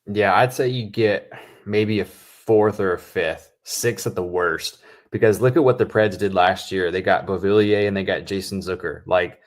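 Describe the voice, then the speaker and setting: A man with a very low voice joins a podcast as a guest sports writer. He talks in a relaxed, offhand manner. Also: moderate pace. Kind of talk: casual sports talk.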